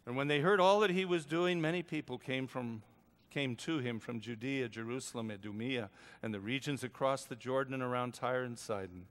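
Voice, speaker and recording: Older preacher telling a story in a hall. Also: male voice, medium pitch, fairly quick. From United States. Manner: dramatic, swinging between hushed and loud. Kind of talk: narrative sermon storytelling.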